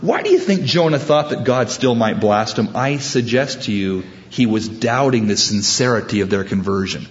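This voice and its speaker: Guy preaching, acts out the voices in his stories, kinda dull muffled sound, normal pitch. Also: lively intonation, normal speed. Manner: storytelling, acts out quoted voices, humorous asides. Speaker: pastor. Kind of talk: sermon.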